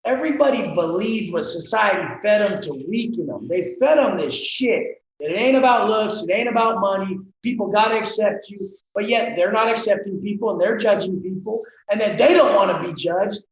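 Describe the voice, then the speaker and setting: A man guest on a podcast interview, talking bluntly and forcefully and swearing freely. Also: high voice, normal speed, hardly any pauses. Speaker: guest, fitness coach. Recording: roomy, dull sound with faint noise.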